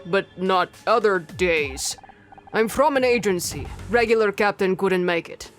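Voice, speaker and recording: A woman voicing a gruff male boat captain with a loose made-up accent. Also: mid-range voice, very animated, drawn-out words, a bit bright, faint music behind, full character voice. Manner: gruff, put-on random accent.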